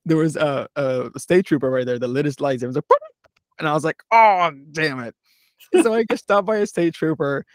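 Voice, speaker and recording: Young guy from philly rambling thru a story, laughs a lot, does little voices, mid pitch, dead dry mic. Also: gravelly, a little mellow, no room sound. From Philadelphia. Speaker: podcast co-host. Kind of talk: casual storytelling chat.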